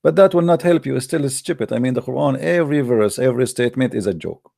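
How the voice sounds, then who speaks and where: A man's voice: medium pitch, quick pace, vocal fry, warm tone, dry recording, clean studio sound. A man hosting a call-in debate show, talking bluntly and scornfully, often repeating his points.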